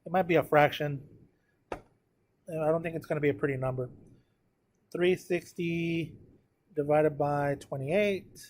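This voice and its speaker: A man's voice: fairly high pitch, fairly even intonation, unhurried, long pauses, a little hiss or hum. A man teaching a math lesson, working through a graph step by step, counting aloud and addressing his students directly.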